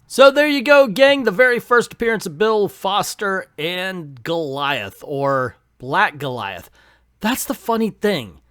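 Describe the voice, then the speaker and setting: A man's voice: sits high, sing-song, a little slow, fairly bright tone, dry recording, studio quality. A man in his fifties reviewing a comic book casually, with sarcastic asides.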